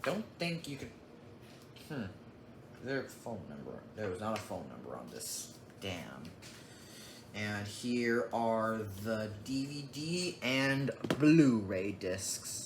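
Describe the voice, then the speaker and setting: A young man's lowish, sing-song voice moves slowly as he rambles through a casual unboxing vlog of his disc collection, muttering asides along the way. The echoey room has distinct background noise.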